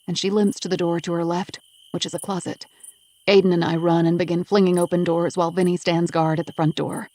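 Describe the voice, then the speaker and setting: A woman's voice: fairly low pitch, flat delivery, a little fast, a little mellow, no echo. A woman narrating a first-person audiobook with an intense, emotional delivery.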